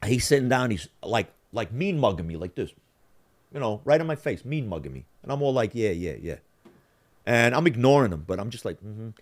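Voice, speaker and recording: A man's voice: medium pitch, brisk. A man telling a story in casual, profane chat, acting out what the people in it said. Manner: profane, animated, acts out quotes. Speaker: podcast host.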